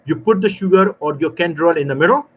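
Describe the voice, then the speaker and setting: A man talking as a guest expert in a live panel, telling lively stories and explaining in non-native grammar, often acting out little exchanges. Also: on the high side, fast talker, slightly rough, muffled recording. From South Africa. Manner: animated storyteller, non-native grammar, acts out dialogue. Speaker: barista trainer guest.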